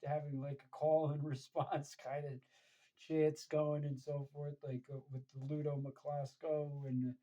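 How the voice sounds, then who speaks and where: A man's voice: on the high side, little pitch movement, a little slow, mellow, rough recording. An American man telling a casual, rambling story about a match, with many fillers and restarts. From United States. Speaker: fan podcaster.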